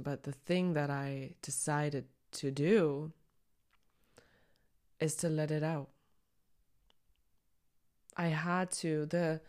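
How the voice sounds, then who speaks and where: Woman, young adult, low-pitched, podcast host, candid, raw, near tears. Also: a little mellow. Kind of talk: personal reflective monologue.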